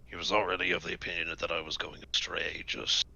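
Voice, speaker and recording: A man voicing a grim, weary young warrior in a tabletop game, speaking in a halting, guarded way with a husky voice. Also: low-pitched, level tone, sharp tone, muffled recording, heavily acted. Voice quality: gravelly, husky. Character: grim gravelly young male warrior, estranged son. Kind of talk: in-character tabletop role-play.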